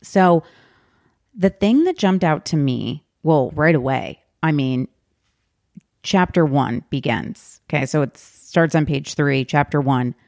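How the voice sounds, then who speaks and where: A woman with a low, animated, slightly mellow voice and vocal fry speaks in studio-quality sound with no echo. Hosting a casual podcast book discussion, she's chatty and emphatic, talking in fast bursts and stretching words.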